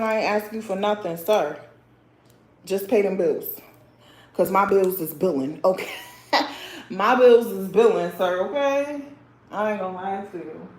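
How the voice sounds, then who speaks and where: A young woman runs a casual livestream, speaking bluntly and with plenty of sass. She keeps calling her viewers sir or girl and laughs often as she talks. Her voice sits at a middling pitch in a roomy, echoing space. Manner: laughs often while talking. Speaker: livestream host. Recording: roomy echo.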